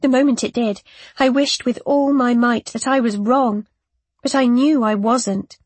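A woman narrating a first-person story in a measured, tense way. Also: a little high, fairly even intonation, a little mellow, slightly rough, no room sound. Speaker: audiobook narrator.

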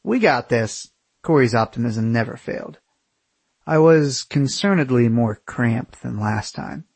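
A young man reads his own travel memoir aloud with sardonic, self-mocking humor and plenty of swearing. His mid-range voice has a slightly husky edge. The recording is dry and close. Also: medium pitch, dry recording. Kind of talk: audiobook narration of a memoir.

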